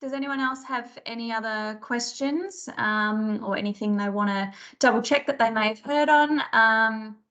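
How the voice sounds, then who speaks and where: A woman's voice: a little high, moderate pace, few pauses, fairly bright tone. Australian woman moderating audience questions. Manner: reads audience questions aloud. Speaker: webinar host.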